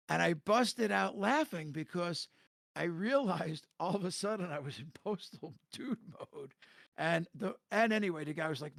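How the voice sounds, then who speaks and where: A man on a voice chat telling rambling, profane stories in a casual, animated way. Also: a little high, normal speed, creaky, no room sound, clean studio sound. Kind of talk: casual storytelling. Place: home, voice chat.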